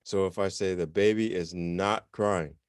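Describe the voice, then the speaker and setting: This language teacher runs an informal online class for beginners, his fairly low voice smooth and resonant. He talks at a measured pace in a relaxed, chatty way, often stopping to correct himself, and the audio is dry and close-miked.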